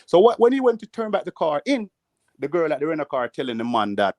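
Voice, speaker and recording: A Jamaican man telling rambling, animated stories in patois during a casual panel chat. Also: mid-range voice, fairly quick, no echo, studio quality. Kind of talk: casual storytelling. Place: living in the United States.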